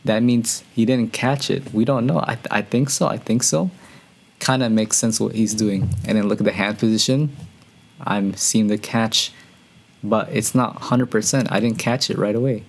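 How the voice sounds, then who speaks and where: Male reaction host with a lowish, gravelly voice, excitable and slangy, talking straight to viewers. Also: normal speed. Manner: breaks into excited high exclamations. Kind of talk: casual reaction commentary.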